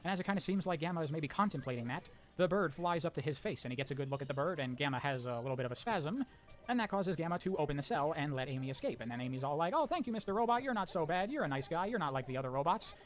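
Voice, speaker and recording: A man briskly recapping a game's story with blunt, sarcastic commentary and casual swearing. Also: fairly high pitch, expressive, faint music behind. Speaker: video essayist narrating a story recap.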